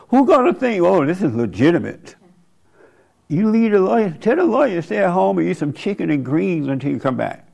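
Gravelly-voiced man preaching off the cuff. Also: on the high side, a little mellow. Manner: laughs at his own remarks; rambling, drawled and colloquial. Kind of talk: casual preachy monologue.

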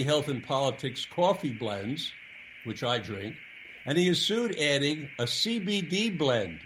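A man hosting his own radio program, speaking earnestly and haltingly with repeated words as he wraps up an interview. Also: mid-range voice, fairly bright tone, slight background noise, poor audio. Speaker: radio show host.

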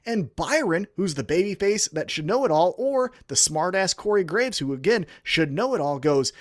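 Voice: mid-range voice, big pitch swings, moderate pace, few pauses, dry recording, studio quality. A podcast co-host ranting in a casual show, heated and full of swearing.

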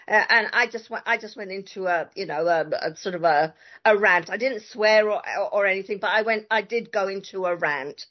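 A woman's voice: mid-range voice, brisk. A woman guest in casual conversation, telling a story emphatically and indignantly, with many fillers. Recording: dull lo-fi audio.

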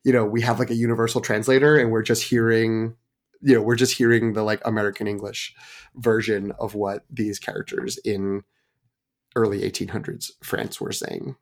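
A man's voice: fairly low pitch, flat delivery, moderate pace. A man co-hosting a film podcast, chatting casually and rambling with restarts and fillers. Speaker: podcast co-host.

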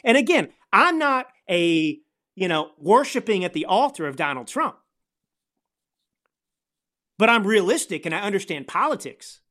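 A man hosts a political commentary podcast in a heated, ranting delivery. His pitch swings widely as he talks. His tone stays indignant and fired up. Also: sing-song, unhurried, pauses often, pushed and bright. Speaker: podcast host.

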